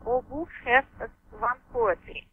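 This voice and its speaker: High, halting woman with a Russian accent. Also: phone-quality sound, a little hiss or hum. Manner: hesitant, halting, laughs often. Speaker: author guest. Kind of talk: interview answers.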